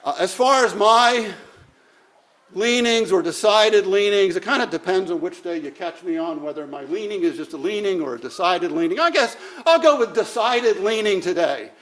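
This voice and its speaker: A man preaching a sermon in a measured, deliberate way, with frequent "uh" pauses. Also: high voice, expressive, fairly bright tone. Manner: measured, deliberate, with many "uh" fillers.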